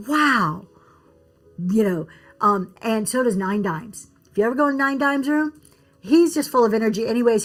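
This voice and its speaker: A woman giving casual business advice on a livestream, reading and answering comments from chat. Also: fairly high pitch. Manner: chatty, reads and answers comments, restarts often.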